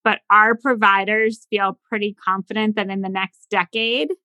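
Bright-voiced woman podcast host. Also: mid-range voice, flat delivery, moderate pace, dry recording, soft background music, rough recording. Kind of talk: casual interview chat.

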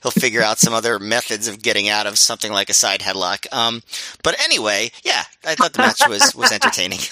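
Bright-voiced male podcast co-host. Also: lowish voice, very animated, fast, low-quality recording. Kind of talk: casual podcast chat.

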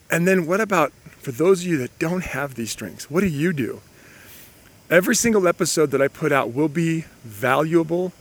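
A man hosting a solo motivational podcast, upbeat and chatty, with a slight cold and frequent restarts. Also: a little high. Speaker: podcast host.

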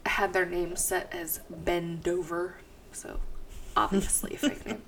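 A woman's voice: on the low side, steady tone, unhurried, creaky, fairly bright tone. A young woman with a stuffy nose co-hosting a casual podcast, swearing freely and laughing as she reads aloud. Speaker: podcast co-host. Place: house.

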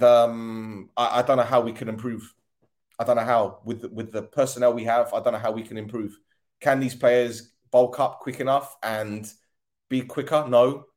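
A man's voice: mid-range voice, darkish tone. A man hosting a football podcast, giving a tired, frustrated post-match rant with sarcasm and swearing.

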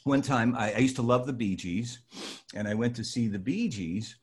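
An older man spins anecdotes for a small audience in a loose, conversational way. His voice sits in a middle register and jumps higher when he acts out what others said. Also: moderate pace, husky. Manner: animated, acts out quoted voices with rising pitch. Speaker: storyteller addressing a live audience. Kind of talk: casual anecdotal storytelling.

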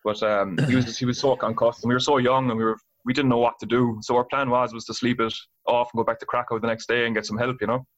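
Talking fast with hardly a pause, this Irish band guitarist in his thirties keeps a level tone at medium pitch. He's a guest singer-guitarist swapping tour stories, cursing often and laughing, all on dull lo-fi audio.

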